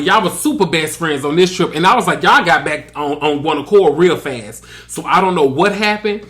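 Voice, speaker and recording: A chatty man with a slightly high voice recaps a reality episode. He is sassy and talks right at the cast members as if they can hear him. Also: brisk, a bit bright. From US Gulf Coast, near Pensacola. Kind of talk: casual commentary recap.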